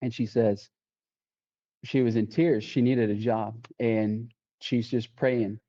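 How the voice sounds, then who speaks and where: A man with a warm, mellow voice tells his faith testimony as a podcast guest. He acts out what people said in quoted lines and often restarts mid-sentence. The sound is dull and lo-fi. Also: medium pitch, fairly even intonation, takes it slowly. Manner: vivid retelling with quoted dialogue and frequent restarts. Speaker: deputy sheriff and podcast guest. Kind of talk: testimony storytelling.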